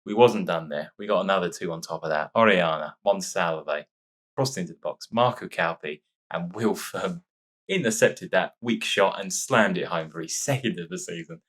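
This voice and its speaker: Casting note: low-voiced male let's-player, chatty and excitable, slightly stuffy from sneezing. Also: moderate pace. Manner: chatty, excitable reacting to match play. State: sore nose after sneezing fit. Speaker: gaming YouTuber. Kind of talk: casual let's-play commentary.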